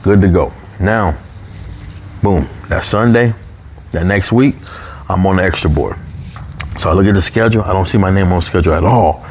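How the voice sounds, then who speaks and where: A man telling a long personal story in a casual, animated way, jumping up in pitch whenever he quotes other people. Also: normal speed, long pauses, a little hiss or hum. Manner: animated, raises pitch when quoting coworkers.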